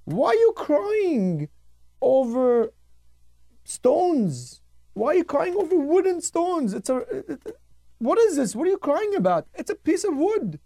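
A man's voice: high-pitched, sing-song, a little fast, darkish tone, voice pushed up. A man voicing a scoffing philosopher who mocks and questions insistently. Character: scoffing male philosopher, adult, sure of himself.

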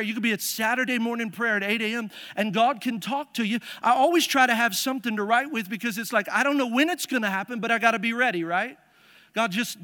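A man preaching a sermon as pastor in a church, animated and building in emphasis. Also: extremely high pitch. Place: church sanctuary. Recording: echoey church hall.

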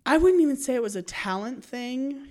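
A woman's voice: sits high, moderate pace. Laid-back woman who books comedy shows. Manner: relaxed storyteller, laughs often. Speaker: comedy club booker and host. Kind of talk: casual chat.

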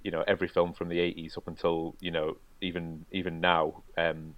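A man with a low voice chats on a podcast, halting and easygoing as he talks. The sound is dry and close-miked. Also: completely flat delivery, no room sound, dull audio. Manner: chatty, halting, laughs easily. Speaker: podcast co-host. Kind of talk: casual chat.

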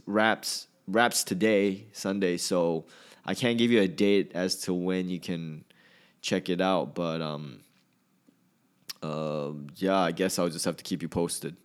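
A man's voice: sits low, smooth. A man who is a stand-up comedian, chatting casually in a rambling, self-deprecating monologue.

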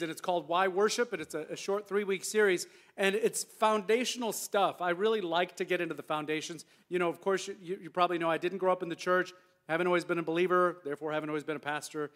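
Man, pastor, casual sermon, slightly raised pitch, church. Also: fairly even intonation, fast, a bit bright. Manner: conversational, self-deprecating, restarts and asides. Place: church sanctuary.

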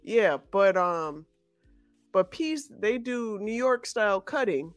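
A woman's voice: medium pitch, takes it slowly, dry recording, faint music behind. A woman from the Chicago area, chatting casually as a podcast co-host in an emphatic, slangy way. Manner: animated, slangy, emphatic storytelling.

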